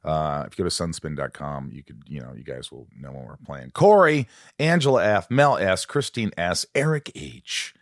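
Deep-voiced man hosting a podcast. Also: lively intonation, creaky, no echo, clean studio sound. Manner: playful, joking, reads names quickly. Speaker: podcast host. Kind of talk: casual chat.

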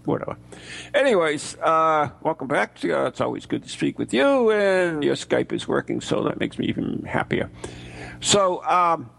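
Gravelly, sarcastic New host. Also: male voice, a little high, sing-song, a bit bright. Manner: teasing, sarcastic, drawn-out delivery. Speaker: podcast host. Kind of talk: bantering podcast chat.

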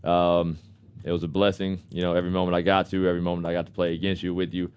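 Laid-back man hosting sports radio, low voice. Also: level tone, fast talker, a little mellow, smooth. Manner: laid-back, laughing, calls people man and brother. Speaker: radio show host, football quarterback. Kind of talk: casual sports radio chat. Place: radio studio. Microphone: studio microphone.

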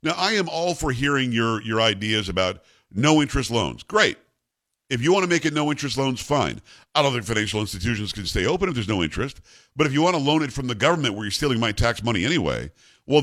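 Lively, emphatic male talk show host. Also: mid-range voice, fast. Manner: emphatic, conversational, with folksy personal anecdotes. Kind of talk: opinionated talk radio commentary.

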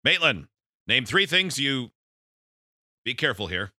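Bright, dry-voiced man hosting a quiz game. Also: medium pitch, no echo. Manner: quick, wry, deadpan quips. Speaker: game host reading cards. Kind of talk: casual podcast game chat.

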